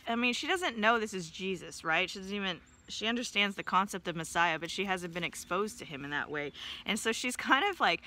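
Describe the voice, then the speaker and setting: A woman leads a church devotional with a very bright, keen-edged voice. She talks in a relaxed, conversational way and often tosses in "right?" as she goes. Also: medium pitch, moderate pace. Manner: conversational, questioning, frequent "right?" and "kind of" hedging. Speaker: devotional leader. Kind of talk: informal devotional talk.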